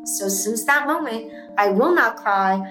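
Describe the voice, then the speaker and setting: A woman's voice: a little high, lively intonation, unhurried, a bit bright, faint music behind. Intense, emphatic woman in a roomy space. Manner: intense, emphatic, swears when fired up. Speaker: guest, entrepreneur. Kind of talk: emotional interview talk. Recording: roomy echo.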